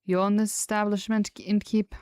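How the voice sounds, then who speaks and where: A woman's voice: medium pitch, little pitch movement, normal speed, a little mellow, dry recording, lightly acted. A woman voicing a formal, curious adventurer.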